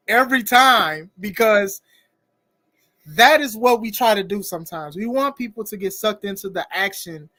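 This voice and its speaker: A man hosting a podcast interview in casual chat, animated and laughing often, reading viewer comments aloud. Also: high voice, moderate pace, no echo, clean studio sound. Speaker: podcast host.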